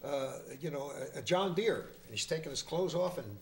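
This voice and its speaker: A male guest tells jokes in a casual way, restarting and rambling through each setup. His voice is a little high and very lively in pitch. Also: a little fast. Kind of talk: casual joke telling.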